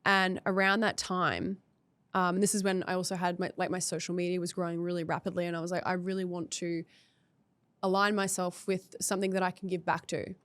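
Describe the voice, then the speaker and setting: An Australian woman chatting as a podcast guest, telling stories in a lively way and acting out what others said. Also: on the low side, a little fast, dry recording. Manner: animated storyteller, acts out quotes. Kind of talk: casual chat.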